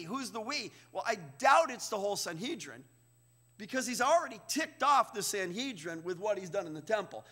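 A man preaching a sermon in a high, bright, forceful voice. He talks conversationally and keeps checking in with rhetorical questions. The sound carries the long, lingering reverb of a church sanctuary. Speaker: pastor.

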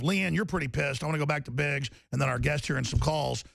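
A man hosting a heated political talk show, loud and combative, often jumping into high mocking voices. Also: fast talker, creaky, hardly any pauses, no echo.

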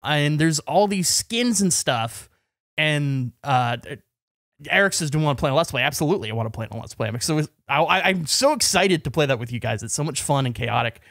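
High-voiced rambling podcast man. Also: lively intonation, brisk, a bit bright, no echo, studio quality. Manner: rambling storyteller, heavy on "like" and restarts. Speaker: podcast co-host. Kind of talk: casual podcast chat.

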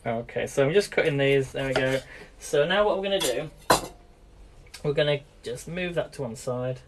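A man's voice: medium pitch, lively intonation, moderate pace, noisy background. Chatty British man cooking live. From Britain. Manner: chatty and rambling, often addresses viewers as guys. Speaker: cooking livestream host. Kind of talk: casual live cooking demo.

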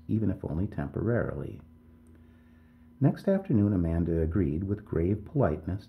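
A man narrating a story in the first person, in a measured and wry way. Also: low voice, gravelly. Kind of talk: scripted story reading. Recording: tinny phone-like audio.

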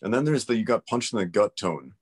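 A man's voice: fairly low pitch, lively intonation, fairly quick, breathy edge. A man in a casual interview conversation, explaining his views emphatically and with strong opinions.

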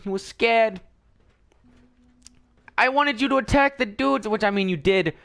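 A young man giving excitable let's play commentary, often yelling and laughing at the game. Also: high-pitched, moderate pace, creaky, pauses often, soft background music. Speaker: gameplay commentator.

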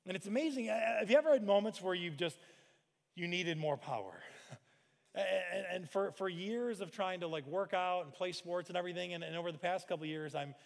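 This forty-something pastor's sermon is animated: a slightly raised voice, small acted-out scenes, and bursts of shouting. His voice sits high and creaky, moving at a brisk clip, with the long reverb of a big church hall behind it.

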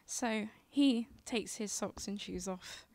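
A woman telling a childhood story on stage in an excitable, plain, repetitive way. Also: medium pitch, slow pace, no room sound. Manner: excitable, repeats herself, plain and direct. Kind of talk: live personal storytelling. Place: stage before a live audience.

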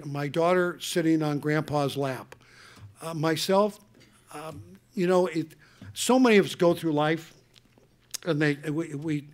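Earnest older man telling family stories. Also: fairly high pitch. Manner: earnest, animated, with many restarts. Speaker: speaker answering audience questions. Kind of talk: emotional personal storytelling. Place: conference hall.

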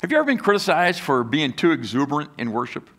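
Guy pastor giving a sermon, bright clear voice, talks to the crowd like a chat, does little critic voices. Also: a little high, sing-song, fast talker. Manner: conversational preaching with rhetorical questions to the congregation; acts out critics' voices in quotes.

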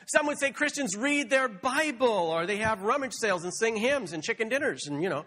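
A man preaching a sermon as pastor, playful and animated, acting out animal sounds in a storytelling way. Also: high voice, brisk, few pauses, big-room sound. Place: church sanctuary.

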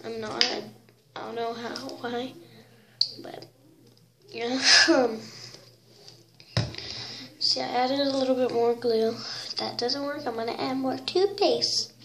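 A woman's voice: a little high, takes it slowly, long pauses, a crowd in the background. A young woman casually filming a craft tutorial, giggling, unsure of herself and often saying sorry. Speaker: vlogger. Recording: echoey room with loud noise.

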